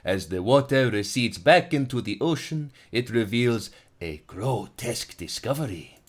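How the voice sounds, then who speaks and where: A man's voice: mid-range voice, lively intonation, unhurried. A man streaming a game live, reading its narration aloud dramatically between jokey, profane banter with chat.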